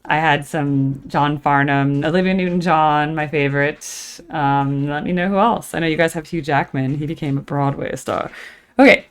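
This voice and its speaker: Casting: American woman host, low smooth voice, rambling and chatty, filler-heavy casual talk. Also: moderate pace. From United States. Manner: sings snatches of songs. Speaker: reaction video host. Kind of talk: casual chat. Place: at home in the morning.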